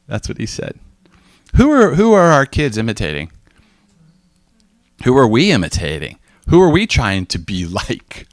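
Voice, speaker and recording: An American man speaking informally to a group, telling stories with lively swings in pitch as he acts out conversations. His voice is mid-pitched, and the sound is close and dry, with no room echo. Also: moderate pace. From United States. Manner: animated storytelling, acts out quoted exchanges, frequent restarts.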